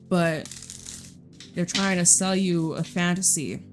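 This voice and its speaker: A woman's voice: on the low side, fairly even intonation, slow, over music. A young woman giving a casual tarot reading, chatty and blunt, swearing freely and laughing often. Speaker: tarot reader.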